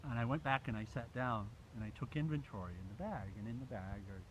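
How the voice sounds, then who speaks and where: A man telling a story to a small group in a relaxed, animated way, laughing often and acting out the dialogue. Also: mid-range voice, fast, low-quality recording. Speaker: storyteller recounting a pilgrimage walk. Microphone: phone. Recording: faint background noise, phone recording.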